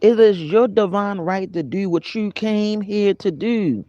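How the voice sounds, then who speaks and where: A man with a high-pitched voice speaks a little slowly in his role as a spiritual vlogger, giving a casual motivational talk about spirituality. Animated and conversational, he addresses live viewers by name, and the audio has no room sound, with the highs cut off.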